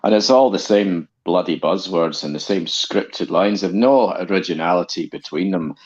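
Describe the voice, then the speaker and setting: A man's voice: sits low, moderate pace, slightly rough, highs cut off. A Scottish man chatting casually, blunt and scornful as he tells a story. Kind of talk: casual chat.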